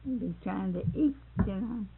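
The recording, tinny old tape resembling a phone line, carries a little hiss or hum. On it, an older woman with a mid-range voice speaks at a moderate pace, laughing often as she shares family stories in a casual oral history.

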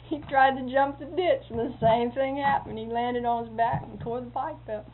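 A woman's voice: a little high, steady tone, moderate pace. A woman telling folksy anecdotes in a rambling way, chuckling often. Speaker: storyteller. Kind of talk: folksy oral storytelling. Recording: tinny phone-like lo-fi tape with faint hiss.

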